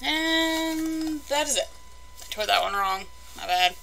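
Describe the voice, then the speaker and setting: A woman's voice: sits high, lively intonation, slow, creaky, noisy background. A young woman chatting casually through a toy unboxing, rambling and exasperated in her asides.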